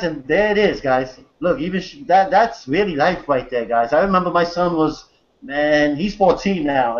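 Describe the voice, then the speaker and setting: A man hosting an online business call, pumping up his listeners with motivational talk and repeated "guys". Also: dull audio. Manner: hyped, repeats "guys", pitches a sign-up. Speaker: host. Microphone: video call.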